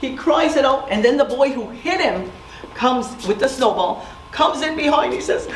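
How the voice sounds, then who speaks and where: A middle-aged woman with a high-sitting, expressive voice tells stories and asks the audience questions during a community presentation, speaking at normal speed. She's picked up from far away in an echoey room, with slight hiss or hum.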